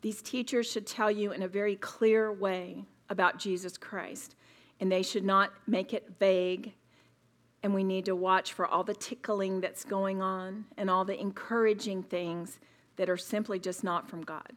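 A woman's voice: medium pitch, flat delivery, unhurried. A woman speaking at a women's retreat, preaching emphatically and repeating words for stress. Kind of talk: sermon.

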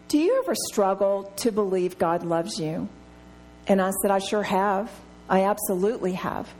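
A woman's voice: medium pitch, a little mellow. A middle-aged woman teaching a women's Bible study, earnest and emphatic, repeating key phrases to drive them home.

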